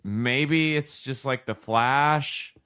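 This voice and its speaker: A man's voice: medium pitch, extremely slow, sharp tone, clean tone, no echo. Skeptical man in dry casual chat. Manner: skeptical, teasing, full of "like" fillers. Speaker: podcast co-host.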